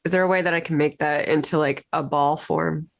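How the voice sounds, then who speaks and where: A player in a tabletop game, talking in a casual, slow, laid-back way. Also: medium pitch, steady tone, creaky. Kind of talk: actual-play tabletop game.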